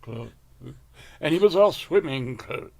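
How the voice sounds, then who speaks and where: An older American man, a comedian guest, spins anecdotes in an easygoing interview. He is animated and often drops into quick impressions of the people he describes, with his voice sitting at an ordinary middle pitch for a man. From United States. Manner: animated storyteller who slips into impressions. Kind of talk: casual interview storytelling.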